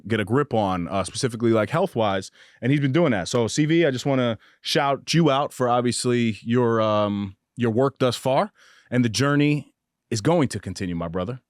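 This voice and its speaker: A man's voice: mid-range voice, moderate pace, dry recording, studio quality. A young man hosting a podcast in a booth, chatting casually with upbeat energy and plenty of fillers and restarts. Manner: upbeat, hyped shout-outs, frequent fillers and restarts. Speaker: podcast host.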